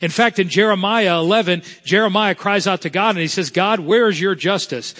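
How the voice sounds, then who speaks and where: A man from South Florida preaches to his congregation with a slightly high voice. He talks earnestly and slows down to stress the scripture he reads. His words ring out with a long reverb through a large church sanctuary. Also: fairly bright tone. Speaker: pastor. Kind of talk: sermon.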